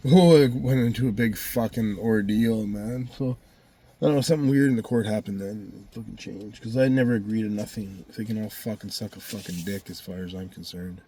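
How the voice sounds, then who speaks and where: A man's voice: fairly low pitch, brisk, warm tone, husky. A man telling a heated, rambling personal story on his vlog, swearing constantly. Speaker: vlogger.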